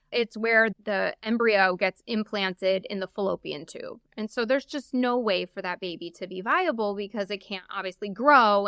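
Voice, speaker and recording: Bright, crisp-voiced woman telling her story. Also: mid-range voice, no room sound, studio quality. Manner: chatty, open, frequent "like" asides. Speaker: podcast guest. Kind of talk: candid personal storytelling.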